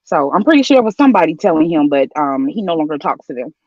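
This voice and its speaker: A woman's voice: low-pitched, big pitch swings, fast, darkish tone, no room sound, muffled recording. A woman co-hosting a reaction show, agreeing with the host and making pointed remarks. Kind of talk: casual reaction commentary.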